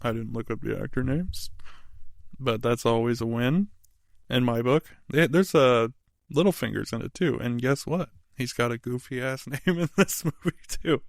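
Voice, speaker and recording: A man's voice: mid-range voice, normal speed, gravelly, dry recording. A young man casually reviewing a movie as a podcast host, rambling with restarts and frequent laughs.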